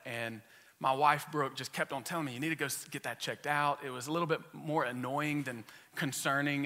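Pastor guy preaching, bright punchy voice, storytelling w jokes, long church echo. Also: medium pitch. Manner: personal storytelling with humor, frequent restarts. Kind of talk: sermon. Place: church sanctuary.

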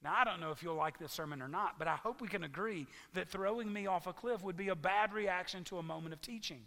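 A man preaching a sermon as pastor, animated, acting out the townspeople's words as he tells the story. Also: high-pitched, fast. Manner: animated storytelling preacher, voices the crowd's lines. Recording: long reverb of a large hall.

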